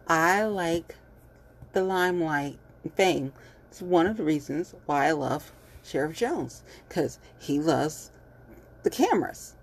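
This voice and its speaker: A woman giving a blunt, animated casual commentary monologue on local politics, swearing freely. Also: deep voice, slow, a little hiss or hum.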